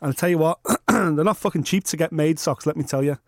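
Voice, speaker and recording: A man's voice: fairly high pitch, fast, dry recording, clean studio sound. A man co-hosting a podcast, talking in casual, sweary banter. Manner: sweary, matter-of-fact banter. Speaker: podcast co-host.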